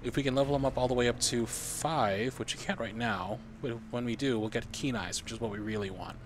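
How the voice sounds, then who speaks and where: A man's voice: medium pitch, brisk, noisy background. A man streaming a video game live, walking viewers through the steps in a chatty, explaining way.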